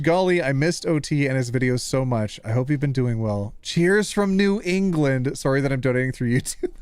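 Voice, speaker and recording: Animated, playful male streamer. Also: mid-range voice, moderate pace, clean tone, no room sound, faint music behind. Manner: playful, animated, teasing, reading chat aloud. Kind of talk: casual live-stream chat.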